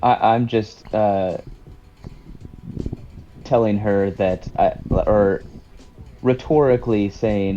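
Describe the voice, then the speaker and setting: A man playing a tabletop game, talking in a deliberate, hesitant way. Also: lowish voice, mellow, highs cut off, soft background music. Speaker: player.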